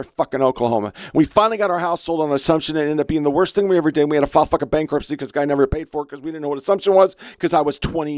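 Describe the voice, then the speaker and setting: Gen X male podcast host, 50s, fairly high voice, swears freely, emotional, dry studio sound. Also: no echo. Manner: blunt, profane, heated ranting. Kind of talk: podcast commentary on online clips.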